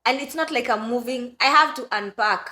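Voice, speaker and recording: A woman's voice: on the high side, normal speed, pushed and bright. A young woman from Kenya, chatting to her viewers as she tells a story in a vlog. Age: young adult. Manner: chatty, addresses viewers as guys. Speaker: vlogger. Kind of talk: storytelling to camera. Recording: roomy echo.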